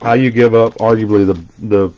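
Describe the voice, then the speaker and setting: A man's voice: fairly low pitch, steady tone, moderate pace, darkish tone, muffled recording. Chatty man calling out cards. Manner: chatty storyteller rattling off card names. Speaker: card break host. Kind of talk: casual live stream chat.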